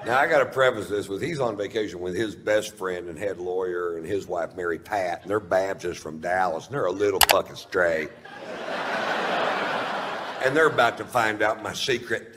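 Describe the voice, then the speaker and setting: Deep-voiced man telling a stand-up story. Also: moderate pace. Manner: laid-back, profane storytelling. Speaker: stand-up comedian. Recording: reverberant live hall, faint hiss.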